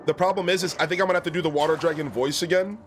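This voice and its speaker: A man's voice: on the high side, steady tone, very fast, soft background music. A young man streaming a video game, chatting in a rambling, casual way and greeting viewers. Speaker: gaming streamer. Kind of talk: let's play commentary.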